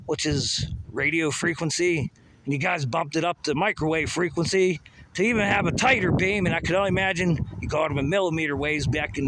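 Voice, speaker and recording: A man delivering a rambling, profane monologue full of pseudo-technical talk, recorded outdoors near a busy road. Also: on the high side. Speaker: vlogger. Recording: outdoor traffic noise.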